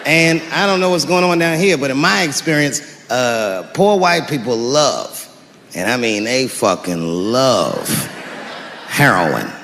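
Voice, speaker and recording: A man doing stand-up comedy before a live audience, deadpan and profane, with drawn-out punchlines. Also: mid-range voice. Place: stage in a large hall before a live audience. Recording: echoey hall, crowd noise. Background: audience laughter and murmur.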